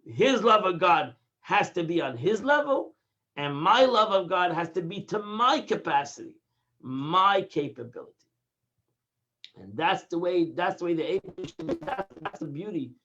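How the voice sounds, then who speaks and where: Male rabbi, high-pitched, emphatic teacher, muffled low-fidelity audio. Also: sing-song, a little slow, pushed and bright. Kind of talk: daily Torah lesson. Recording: dull lo-fi audio.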